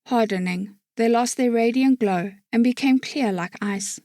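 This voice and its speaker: Woman reading a fantasy audiobook, steady pace, dry close sound. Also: fairly high pitch, a little slow, dry recording. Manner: steady storytelling. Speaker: audiobook narrator. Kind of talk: scripted narration.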